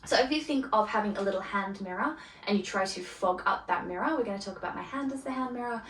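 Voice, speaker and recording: A woman teaching a beginner yoga class, cueing breath and movement in a calm, soft-spoken way with gentle pauses. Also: mid-range voice. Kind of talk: guided yoga class instruction. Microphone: camera mic from a distance. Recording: roomy echo, voice from a distance, faint ambience.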